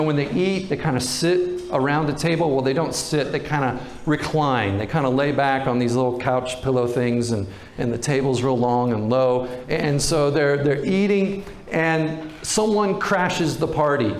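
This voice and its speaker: A pastor preaching a sermon, retelling a story in a relaxed, conversational way. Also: male voice, mid-range voice, normal speed, hardly any pauses, echoey room.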